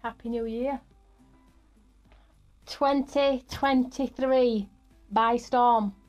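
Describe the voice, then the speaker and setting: A woman's voice: a little high, steady tone, drawn-out words, a little mellow, faint music behind. A woman, middle-aged, hosting a live craft stream in an upbeat, chatty way and greeting viewers by name.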